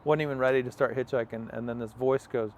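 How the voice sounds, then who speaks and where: Speaking quickly at a middle pitch, a young interview guest shares a story in a loose, meandering way, peppering it with fillers and quoted dialogue. He was recorded outdoors on a farm, where a faint hum of background noise can be heard.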